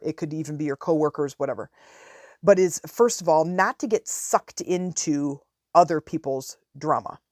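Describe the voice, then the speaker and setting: A woman's voice: lowish voice, a little mellow, no room sound, clean studio sound. A middle-aged woman hosting a podcast, chatting casually and telling stories with asides. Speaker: podcast host. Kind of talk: casual advice talk.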